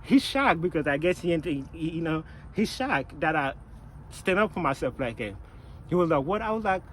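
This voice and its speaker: A man venting to his camera about his job, swearing freely and circling back over the same points. His voice sits a little high for a man. Faint traffic hums in the background. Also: fast, poor audio. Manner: profane, repetitive, animated storytelling. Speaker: vlogger, package handler. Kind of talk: casual venting monologue.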